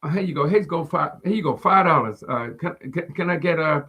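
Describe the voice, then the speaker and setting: A calm, kindly police officer, as a man voices him in a retold story. His voice sits high and lively, and he stays friendly and matter-of-fact. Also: brisk, slightly rough, exaggerated voice.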